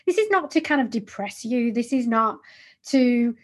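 A chatty woman in her forties talks through a business podcast with a slightly high, husky voice. She is animated and often restarts her phrases mid-thought. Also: normal speed. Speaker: podcast co-host. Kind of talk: casual business podcast chat.

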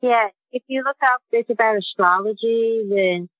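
New woman calling in, higher voice, tinny phone sound, halting and earnest. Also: no room sound. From Queens, New York. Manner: halting, many fillers, earnest. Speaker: caller. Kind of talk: phone call to a radio show.

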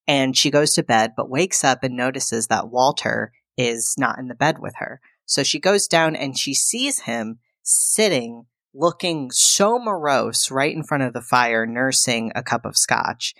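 A woman's voice: extremely low pitch, expressive, unhurried, hardly any pauses, a bit bright, no room sound, studio quality. A woman co-hosting a podcast, casually recapping a film and acting out the characters' lines. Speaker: podcast co-host.

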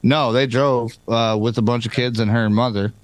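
A man's voice: mid-range voice, steady tone, moderate pace, no echo. A man with a Midwestern American accent, a guest on a live podcast, telling rambling, profane stories. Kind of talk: casual live podcast chat.

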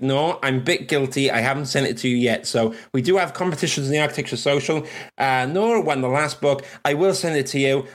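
A man's voice: mid-range voice, a bit bright. A man co-hosting a casual, joking chat stream. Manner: chatty, joking, puts on silly robot voices. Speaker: livestream co-host.

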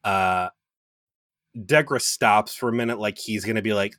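A man's voice: fairly low pitch, normal speed, fairly bright tone, no echo. A male podcast co-host in casual review chat, joking and swearing as he retells scenes with quoted voices.

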